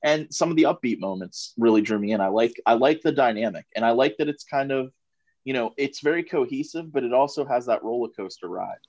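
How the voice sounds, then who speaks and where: A man's voice: mid-range voice, expressive, a little fast, a little mellow, no room sound, lo-fi sound. A man in a casual music podcast chat, hedging and restarting as he gives his view.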